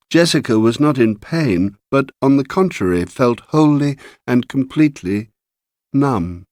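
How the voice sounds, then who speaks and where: A man narrating a literary short story in a measured, unhurried way. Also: mid-range voice, animated, darkish tone, no room sound. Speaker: audiobook narrator.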